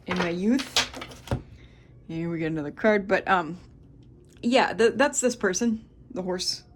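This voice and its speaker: A woman in her thirties giving a casual, rambling tarot reading to camera, thinking aloud with many fillers. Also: medium pitch. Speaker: tarot reader.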